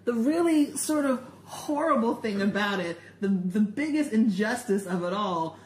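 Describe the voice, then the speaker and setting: A woman co-hosting a podcast, telling stories in a casual, animated way, often laughing. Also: medium pitch, moderate pace, a little hiss or hum. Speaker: podcast co-host. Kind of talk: casual comedic chat. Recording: echoey room.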